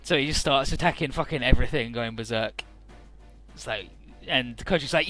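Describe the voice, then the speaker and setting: A man's voice: mid-range voice, moderate pace, pushed and bright, faint music behind. Rambling man recapping a game. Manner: rambling, filler-heavy, irreverent. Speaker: let's play narrator. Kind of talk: casual game recap narration.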